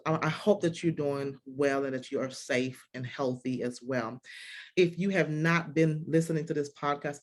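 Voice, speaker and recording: A woman hosting a faith-based podcast interview, effusive and full of restarts. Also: deep voice. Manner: warm, effusive, with frequent restarts. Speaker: podcast host.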